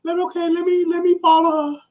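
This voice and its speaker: A man hosting a casual live stream, excitable and chatty, breaking into shrieks and repeated exclamations as he talks to viewers. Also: very high voice, fast talker, phone-quality sound. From Texas. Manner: chatty, addresses viewers directly.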